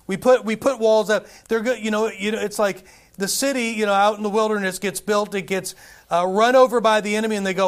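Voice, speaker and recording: A man's voice: high voice, fairly even intonation, brisk. A man preaching a sermon as a Baptist pastor, in a conversational way that keeps checking in with "right?".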